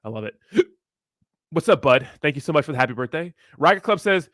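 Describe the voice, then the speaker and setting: A man's voice: on the high side, fairly quick, sharp tone, dry recording, clean studio sound. A man in his thirties hosting a casual livestream, chatting with his viewers in a rambling, profane, laid-back way and laughing often. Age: 30s. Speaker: crypto streamer reading chat.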